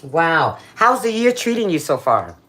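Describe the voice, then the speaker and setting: Woman, livestream cooking host, chatty and playful, very animated pitch, phone mic in a home kitchen. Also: a little slow. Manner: chatty and playful, talks straight to her viewers, Southern slang. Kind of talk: casual livestream chat while cooking.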